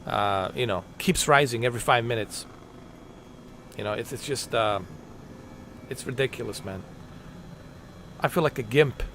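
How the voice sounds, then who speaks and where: A man's voice: mid-range voice, normal speed, pauses often, fairly bright tone, slight background noise. Exasperated man rambling over gameplay. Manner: exasperated comic rambling with muttered asides. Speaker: livestreamer. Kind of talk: casual gaming commentary.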